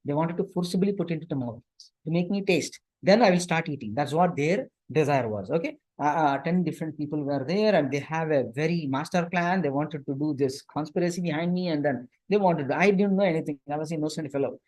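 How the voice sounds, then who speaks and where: A man's voice: a little high, brisk, hardly any pauses, a little mellow. A man leads a religious lecture for young people, teaching through stories. He keeps his listeners with him by asking "okay?" and "right?" again and again. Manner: storytelling, frequent "okay?" and "right?" checks. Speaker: youth class teacher.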